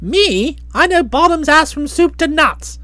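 Expressive woman narrating a comic audiobook. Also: high-pitched, a little slow, no room sound.

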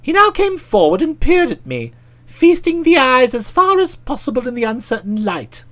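Lively, high-voiced woman narrating a comic story. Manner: brisk, expressive storytelling. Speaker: audiobook narrator.

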